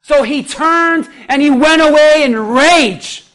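High-voiced preacher. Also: male voice, slow pace. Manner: swings from hushed asides to laughing shouts, acts out quotes. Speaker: pastor. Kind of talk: sermon.

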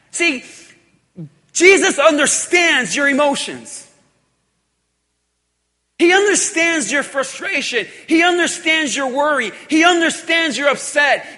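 High, bright-voiced man preaching in a hall. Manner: emphatic preaching, repetitive phrasing, drops to quiet intensity. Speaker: pastor. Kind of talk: sermon. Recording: long hall reverb.

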